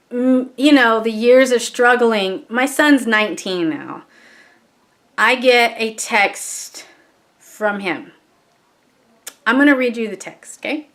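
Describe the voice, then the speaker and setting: A woman's voice: a little high, animated, takes it slowly, pauses often, fairly bright tone. A middle-aged woman vlogging, telling a personal story in a chatty, heartfelt and candid way.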